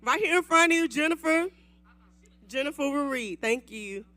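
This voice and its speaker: A woman emcees a women's Bible study night with lively, animated energy. Her voice is bright and pushes forward, and she leads the room with playful call-and-response. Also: sits high, normal speed. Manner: animated, hypes the crowd with whoops. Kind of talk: lively church event hosting. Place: event hall with live audience.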